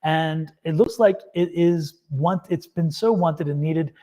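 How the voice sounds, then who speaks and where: A man with a somewhat high voice reads tarot cards live for his viewers. He is excitable and laughs often. He cheers each person on with affirmations. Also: measured pace. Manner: encouraging, affirming. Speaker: tarot reader hosting a live stream. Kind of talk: live-stream tarot reading.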